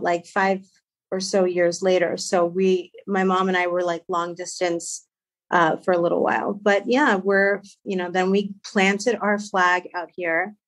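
A woman with a Persian accent, a guest on a podcast, speaking in a rambling, halting way. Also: mid-range voice. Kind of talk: casual podcast interview.

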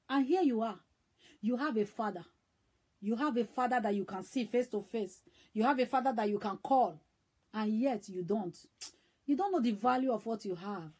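A woman's voice: fairly high pitch, dark tone, husky. A middle-aged woman with a Nigerian accent preaching an emotional sermon, fervent and exhorting, repeating phrases for emphasis. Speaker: evangelist preacher.

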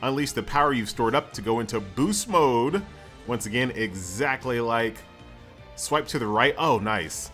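A man's voice: mid-range voice, expressive, measured pace, a bit bright. A man hosting his own gaming channel, giving upbeat casual let's-play commentary and reading tutorial prompts aloud. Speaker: gaming YouTuber. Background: game music.

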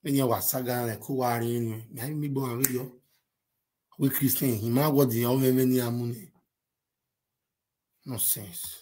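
A man with a Nigerian accent giving excitable, repetitive vlog commentary, switching between pidgin and a local language. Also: mid-range voice, moderate pace, long pauses. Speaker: vlogger commenting on a movie-industry dispute.

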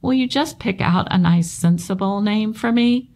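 A woman's voice: medium pitch, moderate pace, a little mellow, voice pushed up, lightly acted. A woman reading a storybook aloud, voicing tiny, polite baby spiders in a cheerful, matter-of-fact way. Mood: friendly.

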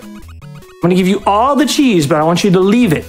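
A man runs a live speedrun alongside his dog, giving doting, coaxing commands and explaining the game between them. His pitch swoops widely, rising and falling from word to word. Faint music plays behind him. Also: animated, a little fast. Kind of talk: live marathon speedrun talk.

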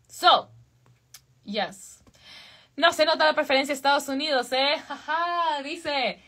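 A woman's voice: on the high side, lively intonation, normal speed, fairly bright tone. A young Mexican woman chatting casually on a live stream with a Mexican accent, a bubbly band singer who switches between English and Spanish. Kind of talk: casual chat reading fan comments.

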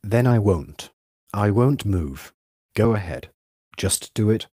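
Proud, stubborn countess in an audiobook, low and dry, read by a man. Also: lively intonation, takes it slowly, warm tone, slightly rough, dry recording, exaggerated voice. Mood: defiant. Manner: defiant, stubborn. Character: proud frail noblewoman facing surgery.

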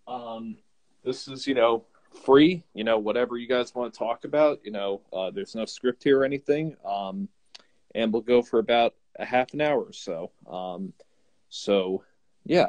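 A man's voice: mid-range voice, darkish tone, dry recording, low-quality recording. A man hosting a casual livestream video call, talking hesitantly with many fillers. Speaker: host of a fan livestream. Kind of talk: casual group video chat.

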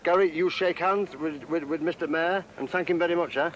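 A man's voice: on the high side, fairly quick, dull audio, slight background noise. Exuberant showman host outdoors. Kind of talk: presenting an outdoor travel segment. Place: outdoors on a hot day.

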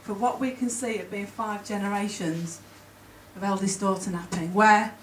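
In an echoey conference hall, a woman presents to an audience in an emotional, chatty, halting way. Her mid-range voice keeps a steady tone, and the distant mic picks up a roomy sound with faint room ambience and slight background noise.

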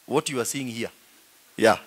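A middle-aged man with a Kenyan accent, a pastor preaching in a joking, animated way and saying "you know" often. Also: mid-range voice, normal speed. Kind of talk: humorous sermon.

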